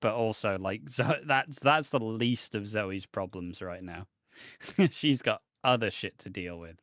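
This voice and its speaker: A man's voice: fairly low pitch, a little slow, a bit bright, dry recording, studio quality. A man co-hosting a podcast, chatting casually about a soap opera with a laid-back manner. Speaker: podcast co-host.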